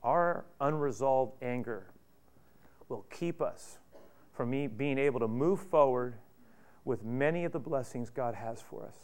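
A man's voice: medium pitch, unhurried, darkish tone. A male pastor preaching a sermon, retelling a story in a conversational way with rhetorical questions.

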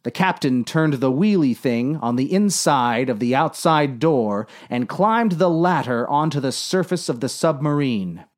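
Slow, deadpan male storyteller. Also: mid-range voice. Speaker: narrator. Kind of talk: deadpan comic story reading.

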